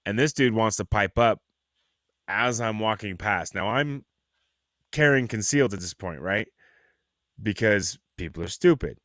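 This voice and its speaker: With an unhurried, lowish voice and long pauses, a man hosts a casual, profane podcast, telling stories full of swearing and mocking impressions in an animated style. The recording is dry and cleanly studio-made.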